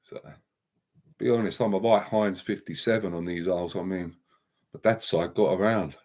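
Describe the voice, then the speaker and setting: A man's voice: low voice, fairly even intonation, moderate pace. A man hosting a live stream and ranting heatedly, with repeated emphatic outbursts and words said over and over. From England.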